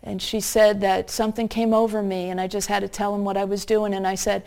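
A woman with a mid-range voice delivers a sermon through a story. She speaks earnestly and slows down to stress her points. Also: mid-range voice, little pitch movement, gravelly, a little mellow.

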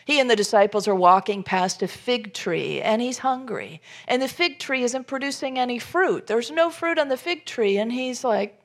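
A woman preaching a sermon, telling the story with animated voices, rising to loud emphasis and dropping to soft near-whispers. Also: mid-range voice, measured pace, creaky. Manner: animated storytelling, acting out Jesus' lines. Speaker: pastor.

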